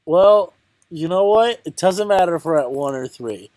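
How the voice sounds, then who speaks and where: A man's voice: sits high, expressive, moderate pace, darkish tone, no room sound. A man giving casual, rambling commentary on his card game, muttering to himself, counting aloud and mocking his own bad luck. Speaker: channel host playing a card game.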